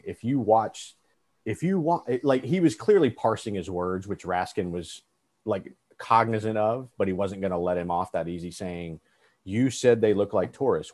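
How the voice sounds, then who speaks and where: Co-host, male, lowish voice, lively and profane, acts out what others said. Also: dry recording. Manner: animated, acts out quotes, swears. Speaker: podcast co-host. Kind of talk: casual debate chat.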